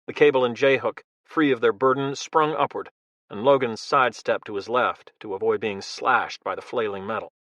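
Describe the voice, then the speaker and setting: A male audiobook narrator tells a thriller in a measured, dramatic way. His tone is bright and pointed, and every line lands with force. The recording is dry, with no room sound. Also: mid-range voice, no room sound.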